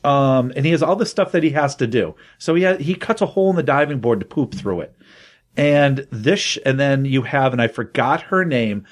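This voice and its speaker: A man in casual podcast conversation, middle-pitched and easygoing. He tells stories with energy and jumps into raised voices when he quotes characters. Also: moderate pace. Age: adult, married. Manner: animated storyteller, acts out quotes in a raised voice. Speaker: podcast co-host. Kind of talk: casual chat.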